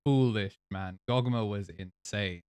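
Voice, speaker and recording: A man's voice: lowish voice, a little slow, a little mellow, clear, resonant tone, dry recording. A man hosting a casual podcast chat, talking through game strategy in an analytical, laid-back way. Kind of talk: casual podcast chat about card games.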